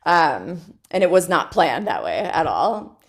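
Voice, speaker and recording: A woman actress as a podcast guest, telling stories in a chatty, animated way and laughing often. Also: deep voice, unhurried. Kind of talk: casual interview chat.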